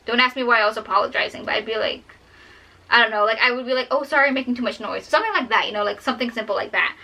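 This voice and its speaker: A woman's voice: a little high, rapid-fire, creaky, bright, forceful tone, rough recording. A young woman vlogger telling a personal story while drawing, fighting back tears and rambling with many fillers.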